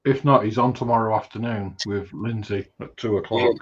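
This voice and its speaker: A man's voice: fairly low pitch, steady tone, moderate pace, slight background noise. A man co-hosting a livestream, teasing his friend and reading out viewers' chat messages. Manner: reads chat messages aloud, teasing, laughs easily. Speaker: co-host reading out live chat. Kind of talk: casual chat. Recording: dull lo-fi stream audio.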